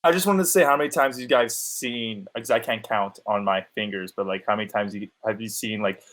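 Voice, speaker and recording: A man's voice: on the low side, brisk, fairly bright tone. A man speaking as a podcast guest in loose casual talk, full of fillers and swearing. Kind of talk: casual chat.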